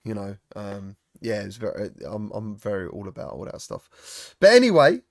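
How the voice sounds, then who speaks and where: A middle-aged man hosting a podcast, chatting casually and telling animated stories. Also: fairly low pitch, normal speed, gravelly, no echo, clean studio sound. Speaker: podcast host. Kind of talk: casual chat.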